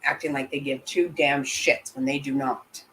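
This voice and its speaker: A woman's voice: extremely low pitch, steady tone, normal speed, a bit bright, slight background noise, rough recording. A woman hosting a casual livestream, answering chat bluntly and indignantly, swearing freely. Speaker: livestream host reading chat.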